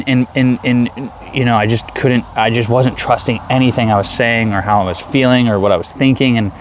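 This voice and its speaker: A man in his thirties, talking earnestly in a rambling personal video diary, with many halting restarts. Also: medium pitch, a little hiss or hum. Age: 30s. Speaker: vlogger.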